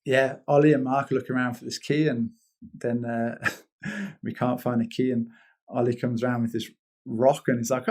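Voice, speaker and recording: A man's voice: medium pitch, flat delivery, moderate pace, darkish tone. A British man telling a rambling story as a guest in a casual interview, laughing often and restarting his sentences. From Britain. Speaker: guest, paraglider.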